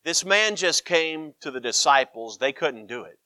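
A man preaching a sermon, emphatic and animated, swinging between loud cries and hushed asides. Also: a little high, moderate pace, dry recording.

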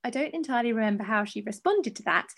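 A woman hosting a podcast, reading a listener's story aloud in an expressive, dramatic way. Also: a little high, fast, gravelly. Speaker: podcast host.

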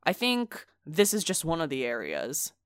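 A woman co-hosting a casual video game chat, talking quickly with lots of fillers and dry sarcasm. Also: low voice, huge pitch swings, a bit bright, smooth, dry recording. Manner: chatty, filler-heavy, sarcastic. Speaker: video game podcast co-host.

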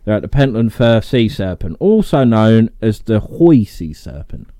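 A man with a lively, up-and-down voice hosts a casual podcast, reading facts aloud and breaking into jokes and swearing. The sound is dry and close, with no room in it. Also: fairly low pitch, moderate pace, no room sound. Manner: joking, swearing, laughs often. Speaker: podcast host.

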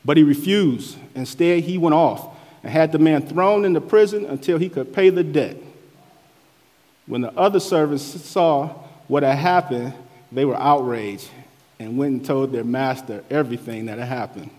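In a long, reverberant hall, a pastor preaches, his warm voice swelling and dropping in pitch and force as he reads scripture and explains it. He keeps a normal speed and a steady preaching cadence.

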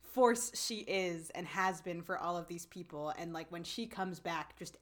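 A woman's voice: lowish voice, measured pace. Chatty woman with lots of fillers. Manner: animated, acts out characters' lines with lots of fillers. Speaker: podcast co-host. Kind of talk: casual chat recapping a TV drama.

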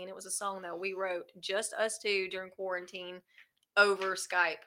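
A woman from South Carolina with a Southern accent, a country singer chatting in an interview, talkative and quick to laugh. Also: medium pitch, flat delivery, pushed and bright. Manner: chatty, laughs often, drawling. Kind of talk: casual interview chat.

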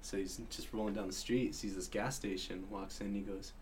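A man co-hosts a podcast in casual conversation, spinning long jokes and stories, swearing freely and breaking into loud laughter. His voice is fairly low with fairly even intonation and a moderate pace, and there's slight background noise.

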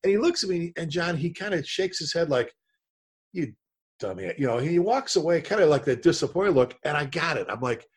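A man's voice: on the high side, animated, quick pace, hardly any pauses, husky. A middle-aged man, a firefighter and instructor, telling a story in casual chat, acting out voices and saw noises.

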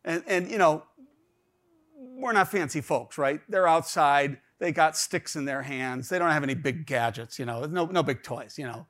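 A middle-aged man with a fairly high voice tells a personal story to a room. He rambles, restarts his sentences and fills pauses, and his telling turns animated as it goes on. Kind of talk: storytelling talk.

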